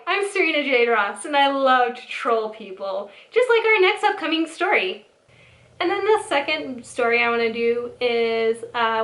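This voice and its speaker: Sassy bright-voiced young woman. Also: high voice. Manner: sassy, rambling, mocking. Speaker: storytelling vlogger. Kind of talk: casual storytime. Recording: echoey room.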